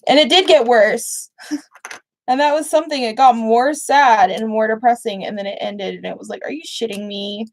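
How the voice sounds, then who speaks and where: A woman's voice: on the high side, moderate pace, no echo, rough recording. Chatty young woman rambling while she sews. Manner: rambling, many fillers. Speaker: livestream host. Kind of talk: casual chat while sewing.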